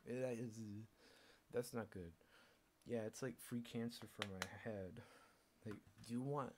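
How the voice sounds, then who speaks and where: A man's voice: lowish voice, steady tone, takes it slowly. Young man rambling sardonically with faint noise. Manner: rambling, sardonic, swears casually. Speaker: streamer. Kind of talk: casual rambling monologue.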